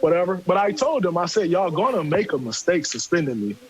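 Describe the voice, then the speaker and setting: American dude telling a story, high voice, cussing a lot and acting out the quotes. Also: male voice, fairly quick, breathy edge, poor audio. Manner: animated, profane, acts out quotes. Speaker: podcast guest storyteller. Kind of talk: casual storytelling chat.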